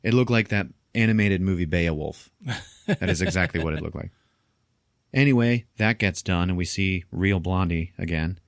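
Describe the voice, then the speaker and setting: Man, podcast host, low voice, casual film recap, laughs a lot, swears, very dry close sound. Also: normal speed, no echo. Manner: animated storytelling, frequent laughter, swearing.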